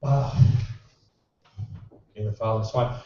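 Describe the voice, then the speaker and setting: Sarcastic man doing stand-up, far and boomy. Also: fairly even intonation, slow, dark tone, very echoey. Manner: sarcastic, exasperated storytelling. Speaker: amateur stand-up comedian. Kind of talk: stand-up routine. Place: small club stage. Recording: boomy, distant, muffled club recording.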